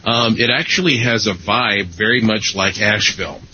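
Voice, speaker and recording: Host, male: husky, forceful delivery, rambling, joking chat, dull lo-fi recording. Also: fairly low pitch, normal speed. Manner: rambling with fillers and self-deprecating humor. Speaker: podcast host. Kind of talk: casual chat.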